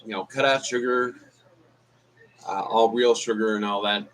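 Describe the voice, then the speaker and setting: A man's voice: fairly low pitch, steady tone, moderate pace, fairly bright tone, slight background noise, rough recording. A man chatting casually on a live stream as a vlogger, rambling with many fillers and restarts. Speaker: YouTube vlogger.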